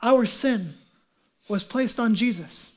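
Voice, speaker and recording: A man's voice: very high voice, slow pace. A man, a pastor, preaching a sermon in an earnest, emphatic way and asking the congregation rhetorical questions.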